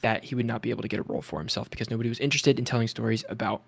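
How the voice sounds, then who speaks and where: A man co-hosting a casual podcast, talking loosely with lots of fillers and animated asides. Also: medium pitch, racing, vocal fry, slightly rough. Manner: chatty, animated, many fillers. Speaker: podcast co-host. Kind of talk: casual chat.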